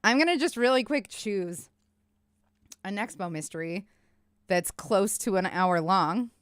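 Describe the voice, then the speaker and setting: Slow-talking woman streamer chatting casually. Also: medium pitch, animated, a bit bright, clean tone, dry recording, clean studio sound. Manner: chatty, rambling, talks to chat. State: winded. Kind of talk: casual live-stream chat.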